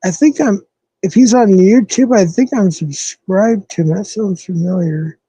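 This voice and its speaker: A man's voice: high-pitched, measured pace, dark tone, husky, dry recording, rough recording. A man from the American Southwest hosting a casual live stream, rambling loosely and correcting himself as he chats with viewers. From southwestern United States. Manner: rambling, loose, thinks aloud with fillers and self-corrections.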